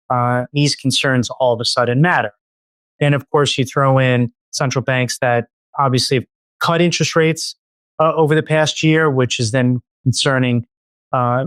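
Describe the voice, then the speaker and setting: A man's voice: mid-range voice, dry recording. A man guesting on a finance podcast as an investment officer, talking casually with many fillers and restarts and a dry sarcastic edge. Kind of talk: casual interview talk.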